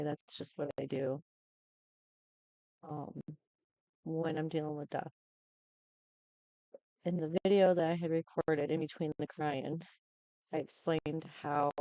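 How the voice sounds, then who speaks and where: A woman talking to camera in a casual update, halting and subdued with many ums, close to tears. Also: low-pitched, dark tone, dry recording, poor audio. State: tearful, close to crying. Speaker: YouTuber giving an update.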